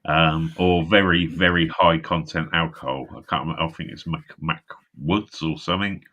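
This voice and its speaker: A man's voice: rumbling low, fairly even intonation, moderate pace, pushed and bright, lo-fi sound. A man chatting casually on a live stream over a video call, rambling, laughing often and swearing constantly. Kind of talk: casual chat.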